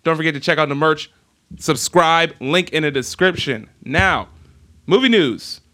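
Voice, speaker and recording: A man's voice: a little high, a little slow. A man with a New Jersey accent hosting a podcast, chatting casually and playfully with his co-host, often laughing. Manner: animated, laughing, playful banter.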